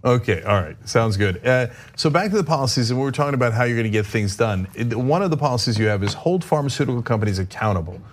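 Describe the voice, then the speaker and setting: Male host, casual interviewer, playful and laughing easily, middle pitch. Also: lively intonation, quick pace, few pauses, slight background noise.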